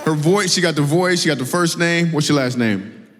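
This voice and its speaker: A man's voice: a little high, normal speed, fairly bright tone. A man, a comedian, doing stand-up crowd work on stage, teasing an audience member and laughing often. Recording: live hall with faint ambience.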